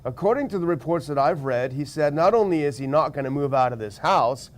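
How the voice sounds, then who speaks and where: A man's voice: a little high, expressive, a little fast. A man hosting a talk show, giving wry commentary while reading out quotes and describing charts. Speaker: host. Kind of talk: commentary on news clips.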